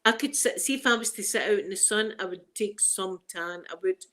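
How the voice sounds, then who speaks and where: A woman's voice: mid-range voice, a little fast, a bit bright. Chatty Glaswegian woman. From Scotland. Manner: chatty, laughs often, strong Scots phrasing. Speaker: ASMR livestream host. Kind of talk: casual chat with viewers.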